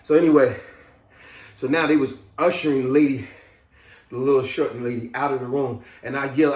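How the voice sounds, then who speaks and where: A man vlogging an animated personal story, laughing and jumping into loud, excited outbursts when quoting himself. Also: mid-range voice, a little fast, long pauses, a little hiss or hum. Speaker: video creator telling a personal story. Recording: roomy echo, from off the mic.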